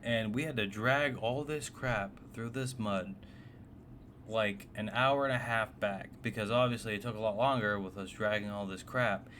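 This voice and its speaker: A man's voice: fairly low pitch, moderate pace, a bit bright. A man casually narrating a personal story, blunt and swearing often, with a faintly noisy background. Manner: blunt, profane, exasperated.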